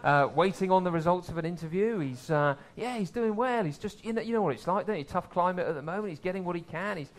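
A man's voice: high voice, animated, quick pace, few pauses, voice pushed up. A man voicing an evasive father who stalls with fillers and hesitations while dodging questions about his son.

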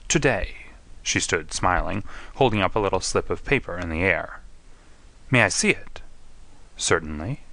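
A man narrating an audiobook in a measured, steady storytelling manner. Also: fairly low pitch, no room sound. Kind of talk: audiobook reading.

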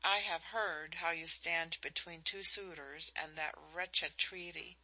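A woman reading the part of a lovestruck young man who speaks softly and earnestly. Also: fairly low pitch, fairly even intonation, slow, full character voice, rough recording. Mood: tender. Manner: soft, earnest pleading.

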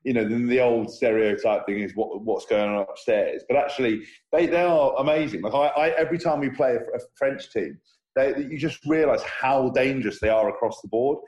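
A quick-talking man from England chats about rugby in a loose, excitable way. His voice bounces around an echoey room. He rambles with energy, like a former player among friends. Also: mid-range voice, highs cut off. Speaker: former player, podcast co-host. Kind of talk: casual sports chat.

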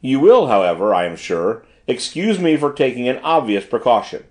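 Man reading fussy middle-aged manager, formal, gushing, lively pitch, audiobook. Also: normal speed, lightly acted.

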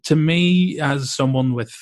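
A man's voice: on the high side, measured pace. A man in casual conversation who talks in a rambling, reflective way, hedging and restarting his sentences often. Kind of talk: casual chat.

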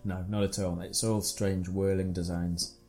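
Gravelly, dark-voiced game master. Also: male voice, deep voice, little pitch movement, soft background music. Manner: descriptive, measured, with fillers. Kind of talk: narrating a tabletop game.

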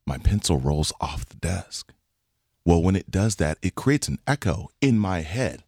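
A man's voice: a little slow, vocal fry, no echo, clean studio sound. A man in his forties, a podcast co-host telling a funny story in casual chat and acting out the voices in it. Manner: animated, acts out quoted voices with big pitch jumps.

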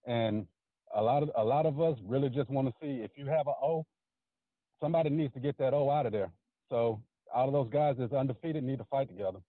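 A man's voice: mid-range voice, brisk, no room sound. A man calling in to a show, speaking in a friendly, plainspoken way. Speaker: caller. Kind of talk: phone-in caller comment. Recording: phone line.

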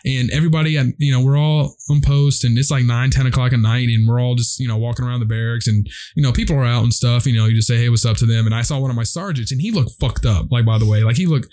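A young man tells a loose, rambling story to his friends, full of fillers and swearing. His voice sits at an ordinary middle pitch and he talks casually and unhurried. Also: steady tone, mellow. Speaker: guest telling a story.

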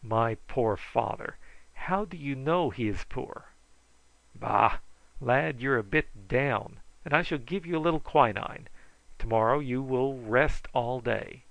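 A man's voice: mid-range voice, creaky, fairly bright tone, no room sound, poor audio. Man reading as a jovial, teasing old doctor. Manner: brisk, teasing, fatherly. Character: kindly jovial older male doctor.

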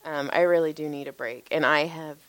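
Animated, profane woman telling stories. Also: low voice, a little fast. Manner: animated, profane, laughs often, acts out quotes. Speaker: podcast co-host, massage therapist. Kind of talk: casual storytelling chat.

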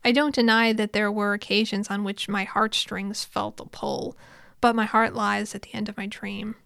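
A woman voicing a stern young noblewoman commander in a formal, measured way, read in a recap. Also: medium pitch, flat delivery, vocal fry, fairly bright tone, clean tone, dry recording, studio quality.

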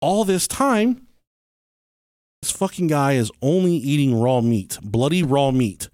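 Man podcast host, animated true-crime storytelling, lively swooping voice, dry close sound. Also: medium pitch, measured pace, no echo. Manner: animated, swears freely, acts out quotes.

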